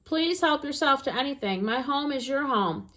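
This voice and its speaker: A woman reading a storybook aloud, voicing a friendly, chatty female skunk who talks in a squeaky, eager, folksy way. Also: expressive, moderate pace, sharp tone. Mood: hospitable.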